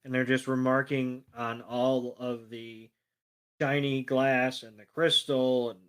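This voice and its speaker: A man's voice: medium pitch, little pitch movement, takes it slowly, clear, resonant tone. Rambling man recapping a cartoon. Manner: rambling, loose delivery with many fillers. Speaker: podcast co-host. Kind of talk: casual episode recap.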